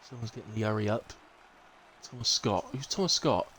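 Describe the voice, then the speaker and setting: A man from Bristol, England, with a lowish voice and a fairly bright tone, commentates casually on a live racing league at a moderate pace. He's talkative and wanders off into asides between the action, and the rough recording has slight background noise.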